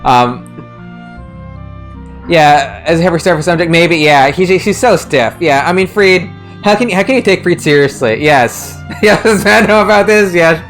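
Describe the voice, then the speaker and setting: A chatty streamer talking over gameplay. Sentences wander and restart, broken up by frequent laughs. Soft game music plays in the background. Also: medium pitch, lively intonation, normal speed. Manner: rambling, lots of "like" and restarts, laughs often. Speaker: streamer, translation discussion host. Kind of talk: casual stream chat.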